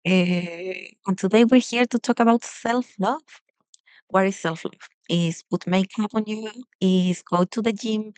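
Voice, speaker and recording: A woman yoga teacher giving a casual self-love talk with guided breathing, speaking softly and gently with frequent fillers and restarts. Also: medium pitch, clean tone, dry recording, low-quality recording.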